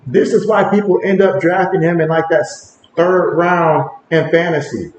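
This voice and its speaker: A man with a slightly high voice hosts a relaxed sports livestream from home, reading out chat comments and calling each play. He sounds echoey in a bare room, and a faint hum of ambient noise sits behind him. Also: normal speed. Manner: reads viewer comments aloud, rises with excitement on plays.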